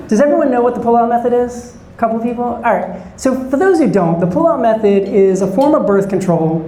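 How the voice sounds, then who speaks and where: Mellow-voiced male comic in a roomy club. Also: high-pitched, a little hiss or hum. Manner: chatty, bantering with the audience. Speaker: stand-up comedian. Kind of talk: stand-up set with crowd work.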